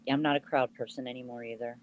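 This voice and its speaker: A woman's voice: rumbling low, fairly even intonation, racing, dull audio, a little hiss or hum. A woman co-hosting a casual live show with brief, dry interjections. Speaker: podcast co-host. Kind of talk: casual live-stream chat.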